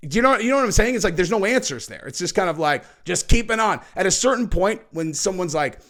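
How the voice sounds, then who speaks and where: A male host delivers loose, mocking commentary on a clip. His voice is slightly high and very lively in pitch. He jumps into playful impressions and swears casually. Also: fast talker. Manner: animated, mocking, profane.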